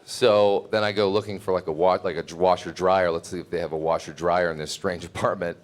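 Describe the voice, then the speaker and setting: A man's voice: low voice, fairly even intonation, brisk. Rambling young man telling a story. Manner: rambling, self-mocking, laughing through the story. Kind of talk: live comedic storytelling.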